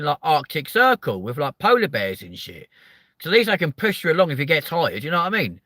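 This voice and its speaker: Male host, rambling foul-mouthed rants, punchy bright tone, close and dry. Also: on the high side, very animated, a little fast, no echo. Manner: swears constantly, rambling rants reacting to viewer comments; loud exasperated outbursts. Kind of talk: comedic live chat show.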